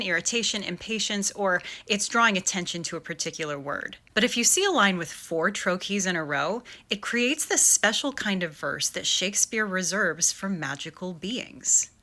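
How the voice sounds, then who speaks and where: A woman's voice: medium pitch, bright, forceful tone. A young woman giving a playful video lesson on poetry, chanting rhythms as she explains. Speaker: acting coach.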